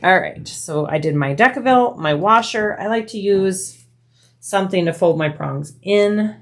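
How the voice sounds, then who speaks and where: A woman's voice: mid-range voice, lively intonation, normal speed. A woman hosting a bag-making tutorial, chatting casually as she explains each step while she works.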